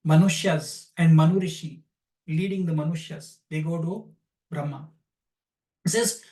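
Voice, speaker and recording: A man's voice: a little high, level tone, normal speed, creaky, long pauses, dark tone. A man teaching astrology who retells a scripture story as a lecture and explains each term as he goes. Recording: roomy, distant from the mic.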